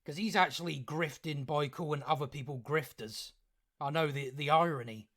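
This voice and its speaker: A man's voice: a little high, fairly bright tone. A male YouTube commentator ranting sarcastically, swearing, chuckling and often restarting his sentences. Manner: halting restarts.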